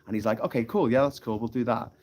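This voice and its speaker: A man's voice: medium pitch, fairly even intonation, fast, darkish tone, a little hiss or hum. Male live-streamer, loose and chatty, laughs and swears through his stories, phone mic outdoors. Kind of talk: casual rambling live-stream chat. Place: outdoors on a tropical island.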